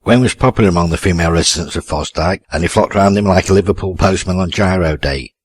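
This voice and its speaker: A man narrating a novel with steady, wry storytelling. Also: low-pitched, fast, slightly rough. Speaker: audiobook narrator. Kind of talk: scripted narration.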